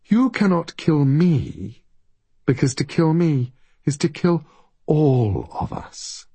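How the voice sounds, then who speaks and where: A man reading an audiobook, voicing an ancient masked time creature with a deep, guttural voice that turns breathy and sweet, patronizing and calling people dear. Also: very animated, slow pace, mellow, no room sound, heavily acted. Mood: condescending.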